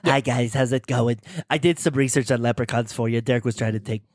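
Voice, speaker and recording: A man's voice: mid-range voice, steady tone, fast talker, dry recording, clean studio sound, pitched below the performer's own voice, natural voice. A man putting on a chipper science-nerd guy. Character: male nerdy science expert persona.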